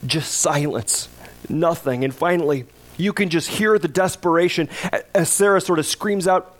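A middle-aged man delivers a sermon in a loose, conversational way. His voice sits somewhat high for a man. When he gives voice to imagined complaints, his voice rises into a pleading cry. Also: normal speed. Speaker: pastor.

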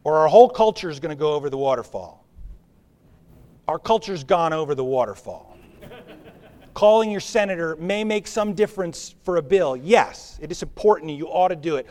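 A man preaching a sermon as pastor, with a conversational, animated delivery. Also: high voice. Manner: animated, conversational preaching with acted-out crowd voices.

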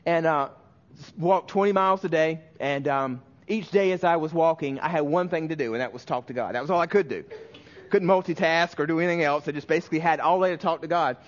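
A man preaching a sermon as a pastor, telling a personal story earnestly and emotionally, often dropping to a hushed voice, with frequent restarts. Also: a little high, fairly quick, dull audio.

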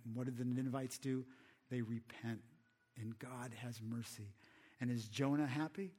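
A male preacher delivering a sermon in a conversational manner. He often asks the audience rhetorical questions, and his voice sits in a medium pitch. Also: fairly even intonation, moderate pace, darkish tone.

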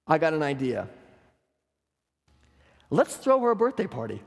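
A man's voice: a little high, wildly swooping pitch, normal speed, creaky, exaggerated voice. A man voicing a middle-aged pastor who asks questions in an eager, curious way. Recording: long hall reverb.

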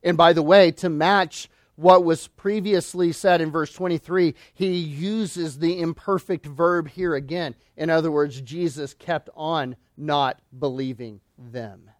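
Pastor, male, high voice, dry close sound, emphatic sermon delivery with rhetorical questions. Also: measured pace, few pauses, no echo. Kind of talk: expository sermon.

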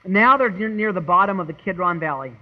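A man preaching an earnest sermon, swinging from loud emphasis to hushed tones and often repeating words as he goes. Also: high-pitched, animated, a little fast, phone-quality sound. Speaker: pastor. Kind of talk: expository sermon.

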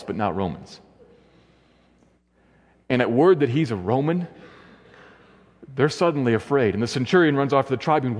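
A man preaching a sermon and retelling a story. He acts out the quoted voices by shifting his pitch. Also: a little mellow. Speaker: pastor. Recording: long hall reverb.

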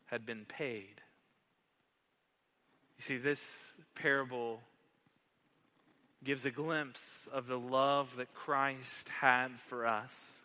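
A man's voice: fairly high pitch, bright, forceful tone, big-room sound. A man preaching a sermon as pastor, telling a parable dramatically and building to emphatic questions.

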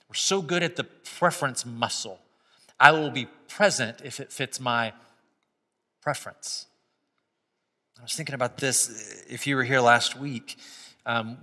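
Man preaching in a reverberant church. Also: medium pitch. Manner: builds from quiet reflection to loud impassioned preaching. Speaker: pastor. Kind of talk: sermon. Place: church sanctuary. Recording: long hall reverb.

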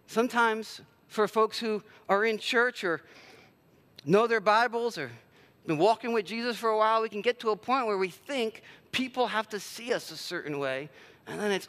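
Guy w a higher voice giving a sermon, chatty, jokes about himself, lots of ums and likes. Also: normal speed, a bit bright. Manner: conversational, self-deprecating preaching with filler words. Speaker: pastor.

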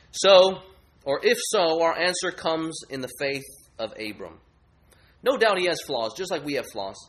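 Animated guy preaching, lots of questions, voice swings up and down. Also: mid-range voice. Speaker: pastor. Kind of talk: sermon.

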